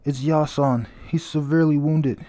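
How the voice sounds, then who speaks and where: A man reads an urgent young giant, his pitch raised a little above his own voice. The giant pleads hastily, pressing for help. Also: fairly even intonation, normal speed, warm tone, close to an everyday voice.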